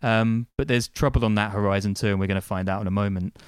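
Smooth low-voiced man telling a story. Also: steady tone, fast, no room sound. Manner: wry, dry asides with frequent ums. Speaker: podcast host. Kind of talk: casual storytelling from notes.

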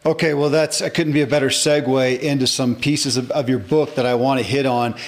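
A man's voice: mid-range voice, steady tone, fairly quick. A man in his forties hosting a podcast interview, talking with enthusiasm and reading passages aloud from a book. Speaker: podcast host. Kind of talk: casual interview chat.

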